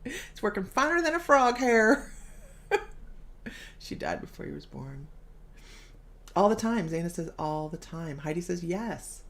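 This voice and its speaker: A woman's voice: on the low side, very animated, a little slow, pauses often. Bubbly woman chatting on a live stream. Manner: bubbly, laughs often, reads viewer comments aloud. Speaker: psychic medium host. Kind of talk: casual live-stream chat.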